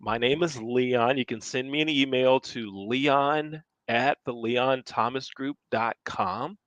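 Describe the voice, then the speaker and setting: A man's voice: medium pitch, slow, a bit bright, no echo. A man co-hosting a podcast in casual, upbeat chat, often repeating words as he starts sentences. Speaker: podcast co-host.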